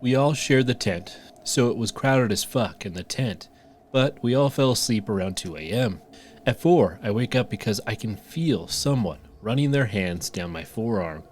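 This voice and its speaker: A male podcast co-host reads a story aloud in a low voice, breaking off to joke. A faint hiss sits behind him. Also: expressive, moderate pace. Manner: reads posts aloud, laughing and joking between lines. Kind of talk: reading stories aloud with banter.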